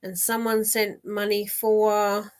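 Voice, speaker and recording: A woman's voice: medium pitch, level tone, takes it slowly. Woman, psychic host on a live stream; casual, giggly, rambling. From Australia. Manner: chatty, warm-hearted, laughs often, many fillers and restarts. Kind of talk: live-stream reading, chatting with viewers.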